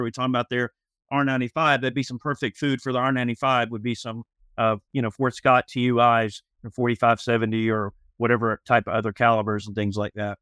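Male co-host, measured and filler-heavy, dry close sound. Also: mid-range voice, fairly bright tone, smooth, no room sound. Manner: measured, drawn out with many "uh" and "you know". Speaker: podcast co-host. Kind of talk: casual panel chat.

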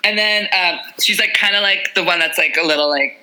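A young woman co-hosting a podcast in casual chat, animated and quick to laugh, full of filler words. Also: lowish voice, low-quality recording. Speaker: podcast co-host.

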